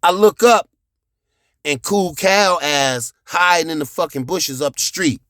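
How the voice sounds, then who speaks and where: A man telling a profane childhood story, animated, with sound effects and shouted reenactments. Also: a little high, a little slow, no room sound, clean studio sound. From United States.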